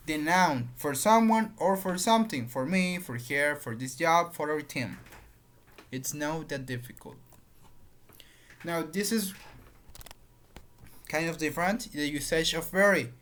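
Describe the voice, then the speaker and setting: Slow teacher. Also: mid-range voice. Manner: repeats patterns, explains with examples. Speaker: English teacher. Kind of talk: grammar lesson.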